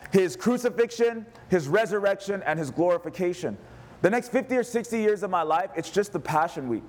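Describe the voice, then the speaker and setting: A male pastor delivering a fervent sermon in a fairly high-pitched voice. He climbs to urgent, raised passages and then drops to quiet, tender phrases. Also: animated, brisk. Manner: passionate, swinging from raised to hushed delivery.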